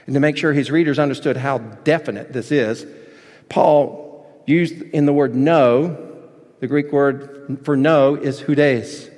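A man preaching a sermon as pastor, emphatic, with rising shouted points and softer asides. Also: mid-range voice, steady tone, a little slow. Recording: long reverb of a large hall.

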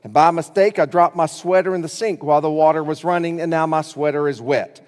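A grumpy little boy of six, slowly grumbling through every misfortune of his day, as a man reads him aloud from a storybook. The voice sits a touch high and carries a long hall reverb. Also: fairly even intonation, a little mellow, close to an everyday voice. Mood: sulky. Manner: slow, sulky storybook reading.

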